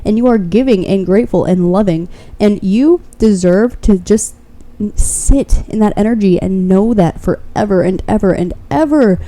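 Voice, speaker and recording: Addressing the viewer directly, a woman gives a pick-a-card tarot reading, blunt and fervent, swearing freely while repeatedly encouraging the listener. Her mid-range voice is warm, at normal speed with few pauses.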